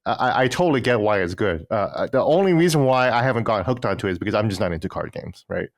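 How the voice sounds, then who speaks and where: Low-voiced man stumbling through casual chat. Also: animated, fast, no echo, studio quality. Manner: repeats and restarts words often. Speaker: podcast co-host.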